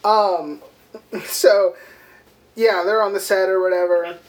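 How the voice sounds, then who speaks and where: A man's voice: high voice, steady tone, takes it slowly. A man co-hosting a movie podcast, recapping the plot in profane, rambling casual chat and acting out quotes. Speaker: podcast co-host.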